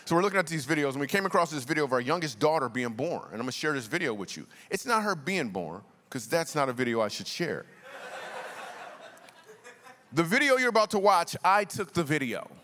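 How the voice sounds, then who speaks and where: Delivering a comedic guest sermon in a large church hall, a man jokes and banters casually with the congregation. His voice is medium-pitched and fairly bright, with big pitch swings and a quick pace. The live recording has long hall reverb.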